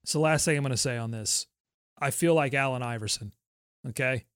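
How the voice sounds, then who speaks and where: A man's voice: medium pitch, a little fast, a bit bright, smooth, no room sound, studio quality. A man giving strong opinions on a sports podcast, repeating phrases for emphasis. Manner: emphatic, repeats words for stress. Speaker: podcast co-host.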